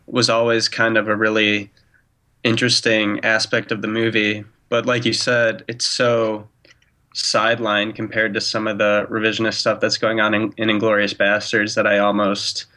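A man on a film podcast, giving measured, thoughtful opinions with lots of hedging. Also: fairly low pitch, bright, forceful tone. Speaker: podcast co-host. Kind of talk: casual film discussion.

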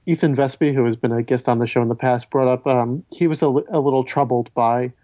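Rambling film podcast host, mellow voice. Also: male voice, mid-range voice, fairly even intonation, fast talker, dry recording. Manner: rambling, self-interrupting, stammers on restarts. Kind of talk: casual film discussion.

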